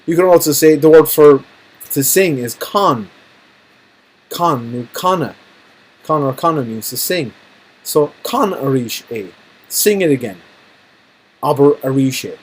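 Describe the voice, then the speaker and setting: A man teaching phrases to children, repeating each word slowly and adding small jokes. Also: fairly high pitch, lively intonation, husky, low-quality recording. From Ireland. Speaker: Irish language teacher. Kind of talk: recorded language lesson.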